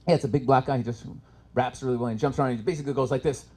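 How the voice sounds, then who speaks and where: A man performing live stand-up, telling stories with sudden loud shouted impressions. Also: mid-range voice, fast, pauses often. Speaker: stand-up comic. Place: expo stage before an audience.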